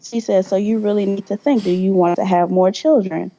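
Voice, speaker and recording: A woman's voice: medium pitch, fairly even intonation, brisk, warm tone. Blunt, profane young woman telling her story. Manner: blunt, profane, acts out quoted dialogue. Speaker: podcast guest. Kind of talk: candid storytelling interview.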